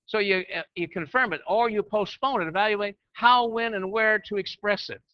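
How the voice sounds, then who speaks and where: A man's voice: high-pitched, moderate pace, clean tone, no room sound, highs cut off. A man teaching church leaders in a conversational preaching style, often asking his listeners questions. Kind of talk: sermon-style teaching with slides.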